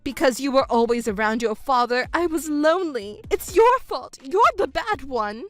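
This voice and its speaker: Shrill wailing middle-aged stepmother voiced by a woman, self-pitying, swooping wildly in pitch, texting story, faint music behind. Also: animated, moderate pace. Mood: bitter. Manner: wailing, stammering, indignant.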